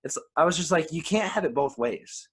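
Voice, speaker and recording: A man's voice: on the high side, lively intonation, fairly quick, fairly bright tone, husky. A man co-hosting a film podcast, chatting casually and with strong opinions, often repeating his first words as he starts a sentence. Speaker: podcast co-host. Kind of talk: casual film review chat.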